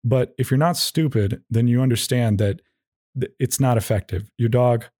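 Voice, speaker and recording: A man's voice: mid-range voice, normal speed, warm tone, dry recording, clean studio sound. A man hosting a solo podcast, talking in a casual, rambling and opinionated way with a wry edge. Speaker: podcast host.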